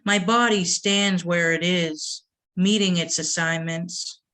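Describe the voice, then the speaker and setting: Slow, low-voiced woman reading poems. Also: steady tone, fairly bright tone. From Boston area. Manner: slow, measured delivery with asides to the audience. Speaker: poet reading her work. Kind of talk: poetry reading. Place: reading event before an audience.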